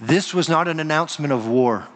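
A man with a high voice delivers an earnest sermon from the pulpit. He pauses for effect and slips into quoted voices. His words ring out with the long reverb of a large church hall. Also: fairly bright tone. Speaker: pastor. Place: church sanctuary.

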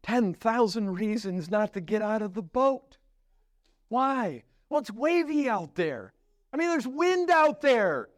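High-voiced emphatic male preacher. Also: very animated, slow pace, no echo, clean studio sound. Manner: emphatic, swings from loud to hushed. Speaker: pastor. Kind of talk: sermon.

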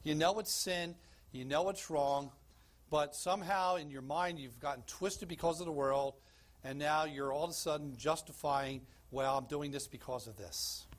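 A man's voice: on the high side, fairly even intonation, normal speed. A man preaching a sermon as pastor of a church, emphatic, asking the congregation questions and calling for slides.

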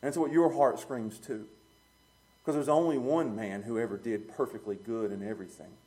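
A man preaching a sermon, plain-spoken and chuckling, swinging from quiet low musing to loud emphatic peaks. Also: moderate pace. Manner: plain-spoken, uses street talk and chuckles.

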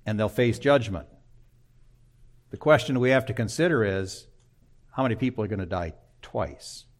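An older man preaching a sermon in a folksy, conversational way, often checking in with "okay.". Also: on the low side. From Michigan. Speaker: pastor.

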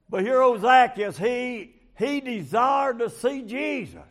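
A man preaching a sermon, leaning on a filler before each phrase and building up to shouting. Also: very high voice, expressive, slow, hardly any pauses.

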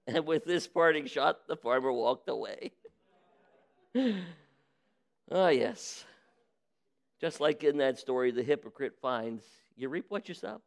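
A man preaching as a pastor, who reads a parable aloud with lively voices for its people and then preaches on it. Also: medium pitch, takes it slowly, creaky, long pauses. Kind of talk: sermon with a read-aloud story. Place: church.

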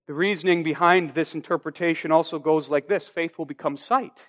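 A pastor preaching a sermon, deliberate and emphatic, slowing down to stress key phrases. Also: male voice, on the high side, fairly even intonation, a bit bright.

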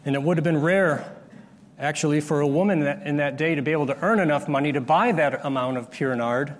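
A man preaching a sermon, explaining a Bible passage step by step and pausing to restart his phrases. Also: fairly high pitch. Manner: explanatory, rises sharply when acting out the disciples' scolding. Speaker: pastor. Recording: long hall reverb.

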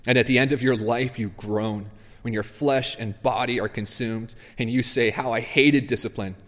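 A man's voice: mid-range voice, fairly even intonation, normal speed, a bit bright. A man preaching a sermon, reading scripture aloud and pressing his points with earnest emphasis. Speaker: pastor. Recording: long reverb of a large hall.

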